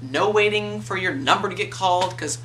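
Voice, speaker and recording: Young man, early twenties, animated vlog storyteller, bright tone, slightly distant mic with faint hum. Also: high-pitched, normal speed. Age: 20s. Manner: animated, swears freely, acts out quoted people. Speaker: video blogger. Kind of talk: casual storytelling rant.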